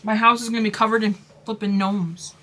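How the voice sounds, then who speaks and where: A woman's voice: medium pitch, flat delivery, a little fast, fairly bright tone. A woman craft vlogger chatting casually about her haul, gushing and rambling with lots of fillers and restarts.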